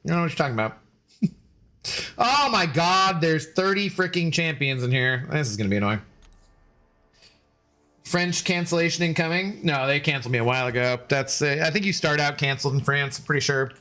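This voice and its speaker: Gaming streamer, male, slightly high-pitched, chatty and jokey, faint game music behind. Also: a little fast, pushed and bright. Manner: jokey and chatty, laughing often, answering chat. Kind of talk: casual live-stream chat while gaming.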